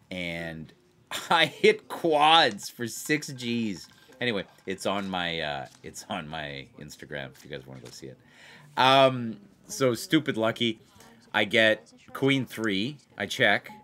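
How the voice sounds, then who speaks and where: Man, blackjack host, casual chatter, excitable, repeats himself, lively pitch. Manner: excitable, repeats himself, addresses viewers as players. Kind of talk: casual chat while playing blackjack.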